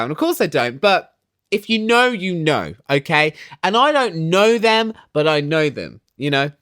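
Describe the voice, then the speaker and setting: A speaker ranting in a casual, gossipy style while recapping a reality TV episode, with exaggerated, animated reactions. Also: mid-range voice, moderate pace, dry recording, studio quality.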